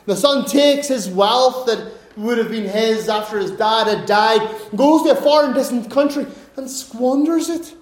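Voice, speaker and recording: A man's voice: high voice, a little mellow, roomy sound. A man preaching a sermon in an earnest way, often repeating and restarting his words.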